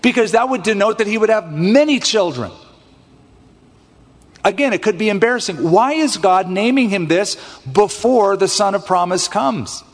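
A man in a church sanctuary delivers an expressive sermon, his voice pitched a little high. A long reverb trails each phrase. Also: moderate pace. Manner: expressive preaching that acts out scripture voices. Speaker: pastor.

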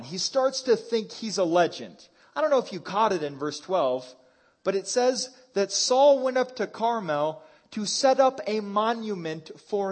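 Male pastor, lively and casual sermon delivery, voice sits a bit high. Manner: casual, animated preaching with slang.

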